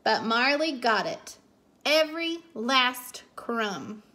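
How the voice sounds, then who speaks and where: Slow, high-voiced woman reading a storybook. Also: very animated, pushed and bright. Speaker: teacher reading a bedtime story. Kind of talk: children's read-aloud.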